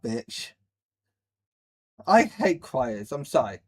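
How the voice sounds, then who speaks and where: A man reacts live to videos. His voice sits a little high and he talks slowly. He rants bluntly, rambles and mocks what he watches. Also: expressive. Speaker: livestream host. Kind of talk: ranting reaction commentary on a live stream.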